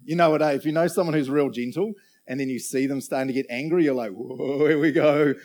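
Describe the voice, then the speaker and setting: Guy giving a laid-back sermon, jokey, keeps going "right?" at the crowd, middle pitch. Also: quick pace, a little mellow. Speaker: preacher. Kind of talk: casual sermon.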